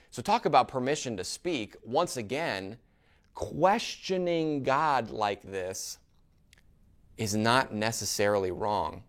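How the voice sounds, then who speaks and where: A man preaching a sermon in a church. He is animated, asks the congregation questions and often adds "right?". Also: fairly low pitch. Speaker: pastor.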